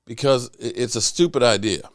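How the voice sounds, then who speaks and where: A man hosting a sports podcast in casual talk, emphatic and animated, often restarting his sentences. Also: medium pitch, a little fast, no echo.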